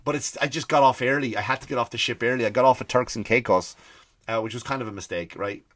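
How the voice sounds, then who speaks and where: A man with an Irish accent, a comedian hosting his podcast, telling stories in an animated comic rant and acting out the people he quotes. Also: medium pitch, fast talker. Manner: animated storytelling, acts out quoted people, swears freely.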